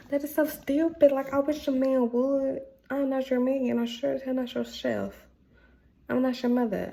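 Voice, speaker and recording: A young woman with a gravelly, creaky voice and a dark, mellow tone vents to her camera. She talks in a blunt, exasperated way, tossing in filler words as she rants. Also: fairly high pitch. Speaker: vlogger. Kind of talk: casual rant to camera.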